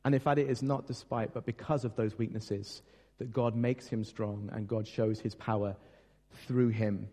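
A man's voice: on the low side, steady tone, normal speed, warm tone. A man preaching a sermon as pastor, conversational and self-deprecating, with frequent fillers and repeated words. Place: church. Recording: long church reverb.

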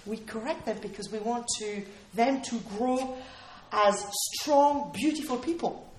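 A woman's voice: fairly high pitch, unhurried, a little hiss or hum. A woman preaching a sermon in an earnest, emphatic way, repeating her key phrases for weight. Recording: roomy hall echo.

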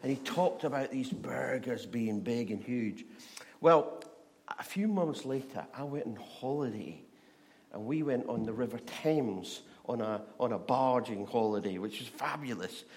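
A man's voice: mid-range voice, unhurried, a little mellow. A man from Scotland, preaching a chatty sermon full of stories and questions to the audience. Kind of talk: sermon with humorous storytelling.

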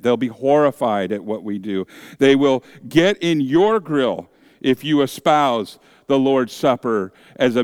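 A man's voice: mid-range voice, a little mellow, smooth, no room sound, studio quality. A male pastor preaching a sermon, acting out the voices of objectors and accusers with dramatic shifts.

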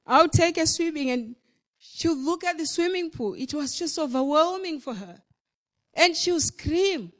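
High-voiced woman preaching emphatically. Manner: emphatic, rising and falling preaching with many repeated phrases. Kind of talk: sermon. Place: church service.

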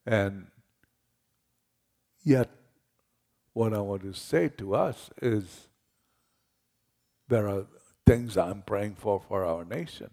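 A male pastor delivers a conversational sermon, retelling scripture in plain everyday words. He speaks slowly and deliberately, with a gravelly, creaky tone. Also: lowish voice, darkish tone.

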